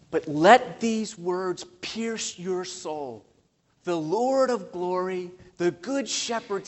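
A man preaching a sermon as pastor, slowing down for emphatic lines, asking rhetorical questions, surging in loudness and adding self-deprecating humor. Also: high-pitched. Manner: impassioned preaching with slow emphatic phrases and sudden surges in loudness.

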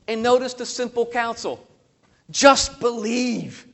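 A male pastor delivering a sermon in a notably high voice. He slows to a crawl on key phrases, swells suddenly louder, and asks his listeners rhetorical questions. He mixes earnest pleading with self-mocking humor. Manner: impassioned preaching with slow emphatic phrases and sudden surges in loudness.

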